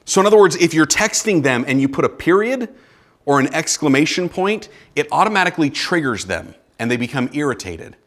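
A man's voice: a little high, big pitch swings, a little fast, a bit bright. A man in his forties, a pastor giving a casual, conversational sermon in a church with joking asides to the congregation. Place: church sanctuary.

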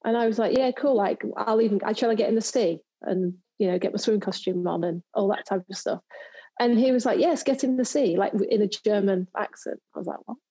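A chatty woman from England telling a story in an interview. Her voice is mellow and a little husky, and she talks easily, with many fillers and restarts. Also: mid-range voice, a little fast, rough recording. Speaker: guest, golf presenter and former pro golfer. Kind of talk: casual interview chat.

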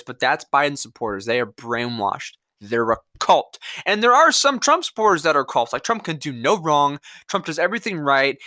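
A man's voice: a little high, bright, forceful tone, no echo, clean studio sound. A young man with a Mississippi Southern accent hosting a podcast, ranting angrily with lots of profanity and restarts. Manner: angry, profane, rambling with restarts. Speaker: podcast host. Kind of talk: political rant monologue.

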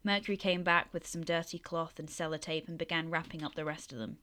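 A woman reading her own story aloud in a steady, even voice, then chatting about it. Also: sits low, brisk. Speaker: author and reader.

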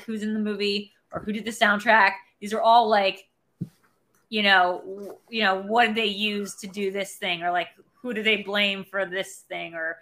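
A woman's voice: mid-range voice, sharp tone. A woman co-hosting a casual movie podcast, chatty and full of fillers as she plugs things and announces shows. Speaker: podcast co-host. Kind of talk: casual chat.

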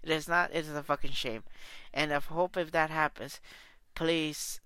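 A woman's voice: low voice, steady tone, moderate pace, fairly bright tone, clean tone, no room sound. A woman soccer fan podcaster delivering a heated, profane, repetitive solo rant.

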